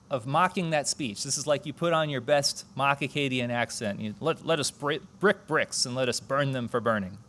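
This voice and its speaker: A man's voice: mid-range voice, a bit bright. A man preaching a conversational sermon at a church service, explaining scripture and asking the congregation questions.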